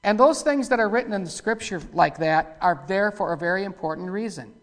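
A man preaching a sermon in a rough, folksy way, breaking into loud outbursts and sliding back to plain talk. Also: sits high, expressive, fairly quick. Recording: echoey hall with long reverb.

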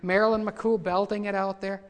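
A man preaching a sermon. He builds from quiet asides to loud, fervent cries when he reads scripture. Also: high-pitched, level tone, normal speed. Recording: long hall reverb.

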